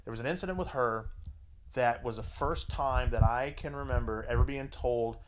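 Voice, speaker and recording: Man, podcast host, crude laughing storyteller, mid pitch, faint hiss behind. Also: normal speed. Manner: crude, laughing anecdotes with quoted dialogue. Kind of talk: casual storytelling chat.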